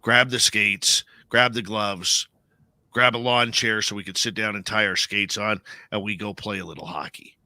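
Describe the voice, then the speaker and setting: Bright, dry-voiced male radio host. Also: fairly low pitch, steady tone, normal speed, dry recording. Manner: conversational, heartfelt, says "man" a lot. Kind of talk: casual radio chat.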